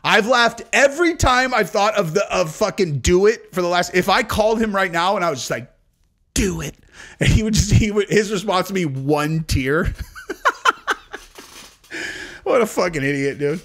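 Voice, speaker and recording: Man, forties, podcast host, rambling profane storytelling, somewhat high voice. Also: lively intonation, normal speed, a bit bright. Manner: rambling, profane, laughing at his own story. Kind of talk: casual storytelling.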